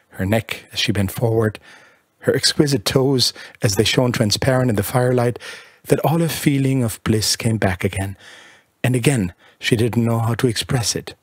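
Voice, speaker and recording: A man narrating a literary short story in a measured, lyrical reading. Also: mid-range voice, husky, no echo. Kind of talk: scripted audiobook narration.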